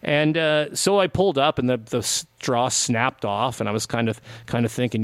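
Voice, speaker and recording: A middle-aged man hosts a community radio show, speaking at a moderate pace in a fairly high, expressive voice with a clean tone. His casual story wanders, with both sides of the conversation acted out and plenty of "like" and restarts. There's no room sound.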